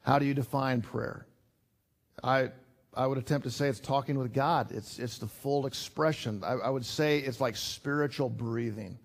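A man's voice: medium pitch, moderate pace, creaky. Earnest conversational older male preacher. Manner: conversational, earnest, with repetitions and sudden emphatic rises. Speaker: pastor. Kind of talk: sermon.

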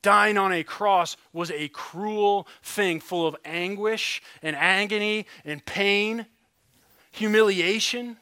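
A man with a high, bright voice preaches an earnest sermon, reading scripture slowly and deliberately. His voice drops to a near hush on the weightiest words. The sound is close and dry, with no room around it. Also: smooth, no echo. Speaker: pastor.

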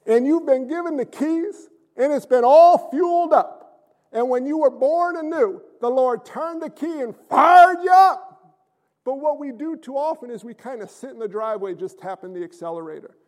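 A man preaching a sermon to his congregation, asking rhetorical questions, swinging between quiet asides and shouted emphasis, and sounding winded. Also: very high voice, normal speed. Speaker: pastor. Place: church sanctuary.

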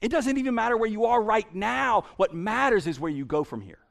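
A male pastor preaching with a fairly high, gravelly voice. He is animated and repeats words as he builds each point. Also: fairly quick. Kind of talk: sermon.

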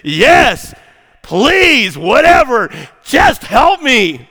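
A man voicing a desperate man hanging from a cliff who pleads in shrill cries, in a Southern US accent. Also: very animated, extremely slow, bright, forceful tone, in a large hall, heavily acted.

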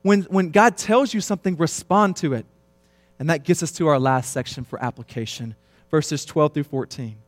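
A man in his thirties preaching a sermon, swinging between quiet, low stretches and loud, emphatic passages. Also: normal speed, no echo, soft background music. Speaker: pastor.

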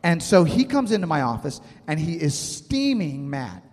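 A man's voice: fairly high pitch, sing-song, moderate pace, a little mellow. Man preaching in a reverberant hall. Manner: conversational, asks the congregation questions. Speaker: pastor. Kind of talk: sermon.

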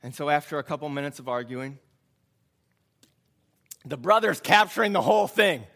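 A man's voice: fairly high pitch, lively intonation, normal speed, creaky, fairly bright tone. A man preaching a sermon, telling a story in an earnest, reflective way and often repeating his words.

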